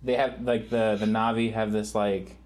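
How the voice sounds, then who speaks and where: A man's voice: lowish voice, level tone, moderate pace, darkish tone. A man appearing as a game developer guest on a podcast, chatting casually and rambling with self-deprecating jokes. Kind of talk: casual chat.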